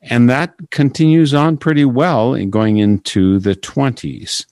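A man hosting an interview, asking long, thoughtful questions in a measured way. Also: mid-range voice, darkish tone, no room sound, clean studio sound. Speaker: interviewer, host.

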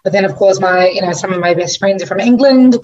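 A woman's voice: mid-range voice, quick pace, dull audio, slight background noise. A woman from New Zealand with a Kiwi accent tinged with American, a musician guest telling stories in a radio interview with frequent restarts. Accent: New Zealand with slight American twang. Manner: warm conversational storytelling with frequent restarts.

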